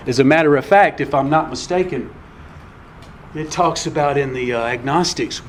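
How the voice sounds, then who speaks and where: A man's voice: fairly high pitch, expressive, measured pace, a little hiss or hum. A man giving a personal share at a recovery meeting in a folksy, conversational storytelling way.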